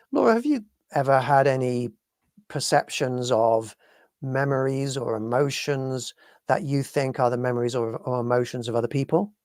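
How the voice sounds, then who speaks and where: A man from the UK co-hosting a live paranormal talk show, speaking in a measured, hesitant way as he searches for words. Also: mid-range voice, darkish tone, dry recording, studio quality. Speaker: podcast co-host.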